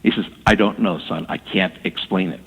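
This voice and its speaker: A man telling his story as a guest on a radio interview, halting and repeating words as he talks. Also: low voice, steady tone, breathy edge. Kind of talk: casual storytelling. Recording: tinny phone line with long reverb.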